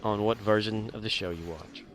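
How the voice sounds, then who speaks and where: A man's voice: on the low side, steady tone, normal speed, slight background noise. A man streaming a video game, rambling and joking with profane asides in casual gaming commentary.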